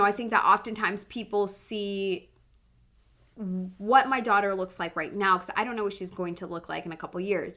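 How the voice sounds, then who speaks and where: A woman's voice: mid-range voice, bright, forceful tone. A woman in her thirties hosting a podcast, talking in an earnest, chatty way with frequent ums and restarts. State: emotional, voice softening. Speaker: podcast host. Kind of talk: casual heartfelt podcast talk.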